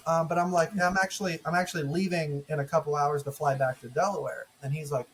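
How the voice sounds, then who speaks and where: A man co-hosting a podcast in casual chat, telling a story with lively acted-out quotes. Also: fairly high pitch, fast, few pauses. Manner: animated storyteller, acts out quoted exchanges. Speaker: podcast co-host.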